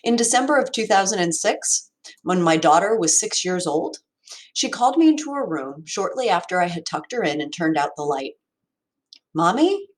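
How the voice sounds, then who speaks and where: A woman in her forties, an educator, giving a prepared talk in a measured, reflective storytelling manner. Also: lowish voice, expressive.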